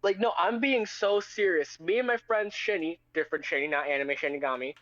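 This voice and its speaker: A man's voice: on the high side, fairly quick, fairly bright tone, no room sound. Stammering young male co-host, lo-fi mic. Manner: stammering, restarting sentences. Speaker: podcast co-host. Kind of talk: casual chat.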